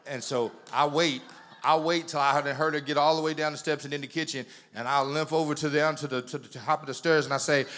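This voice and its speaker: A man's voice: a little high, fairly even intonation, fairly quick, a bit bright. A man preaching as pastor, chatty and teasing, often repeating words as he tells a funny story. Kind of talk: sermon with humorous storytelling.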